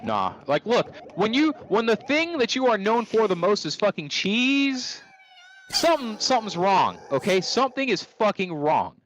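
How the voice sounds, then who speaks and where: A man's voice: sits high, very animated, normal speed, fairly bright tone. A man from California chatting casually over gameplay, ranting profanely with many restarts. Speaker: streamer.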